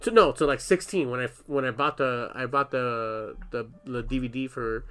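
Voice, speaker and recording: A young man on a podcast, telling an animated story in casual chat, swearing freely and laughing often. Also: mid-range voice, normal speed, clean tone, soft background music. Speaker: podcast co-host.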